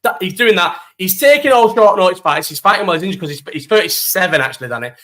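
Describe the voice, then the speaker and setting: A man's voice: high-pitched, fast. A young man chatting casually on a live stream, telling stories with lots of swearing and slang. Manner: animated storytelling, heavy swearing, slang. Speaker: live chat host.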